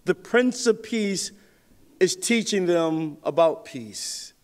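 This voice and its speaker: A man preaching a sermon as pastor, telling a personal story with big swings in pitch and loudness. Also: lively intonation, slow, in a large hall.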